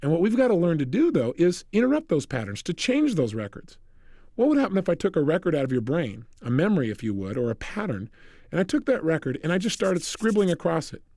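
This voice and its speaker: A self-help coach speaking to the listener in an energetic, direct recorded lecture. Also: male voice, on the high side, fast, no room sound, studio quality.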